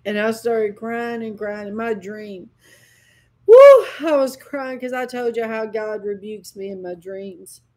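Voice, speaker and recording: A woman's voice: mid-range voice, a little slow, hardly any pauses, darkish tone. A woman preacher giving a sermon, telling a dream as personal testimony in a dramatic, impassioned way with sudden cries.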